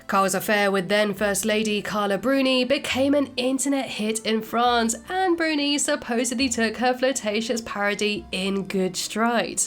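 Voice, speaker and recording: Measured woman narrating a video. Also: fairly high pitch, faint music behind. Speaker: channel host.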